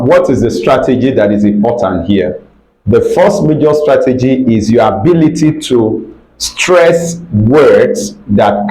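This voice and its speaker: A man teaching exam strategies in a slow, deliberate way, often checking in with the listener. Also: mid-range voice, a little mellow, reverberant, low-quality recording. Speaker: test prep teacher.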